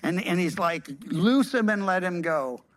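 A pastor preaching a sermon, reading scripture aloud and breaking in with lively, slangy asides. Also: medium pitch, unhurried.

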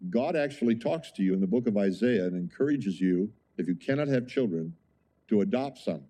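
A man's voice: on the low side, expressive, fairly quick, warm tone. A man preaching a sermon as pastor, conversational, with frequent rhetorical questions to the congregation.

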